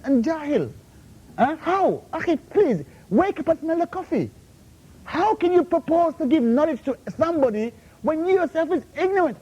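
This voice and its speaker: An invited Islamic speaker in a university room scolds a questioner during a heated Q&A, demanding answers with repeated "Huh? How?" and mixing Arabic terms into his English. His voice is very high and warm, captured on a muffled lo-fi recording.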